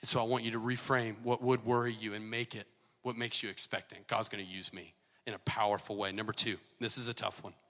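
A man in his forties preaching a sermon as pastor, impassioned and building to near shouts. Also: on the low side, flat delivery, a little fast, long reverb tail. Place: church auditorium.

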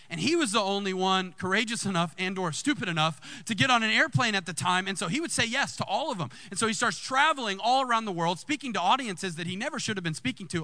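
A lead pastor tells a personal story during a sermon, his voice jumping high in pitch whenever he gets excited. The recording has no echo.

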